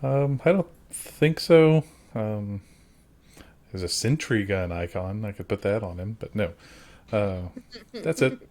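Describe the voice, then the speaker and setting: A man's voice: fairly low pitch, animated, takes it slowly, darkish tone. A man playing in a tabletop game, chatty and hesitant, with lots of ums as he works out his moves. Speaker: player.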